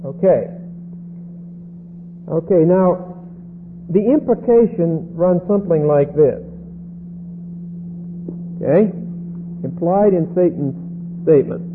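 A man teaches scripture slowly and deliberately, often pausing to check in with his listeners. His voice sits fairly high. It comes through a tinny, phone-like line with a faint hum. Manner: deliberate, repeats "okay?" checks. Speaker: Bible teacher.

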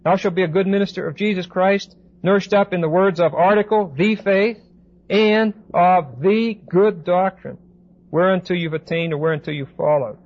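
A man giving a Bible class lecture, reading verses slowly with emphasis and then explaining them in casual asides. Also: high-pitched. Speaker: Bible teacher. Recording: dull lo-fi recording with faint hiss.

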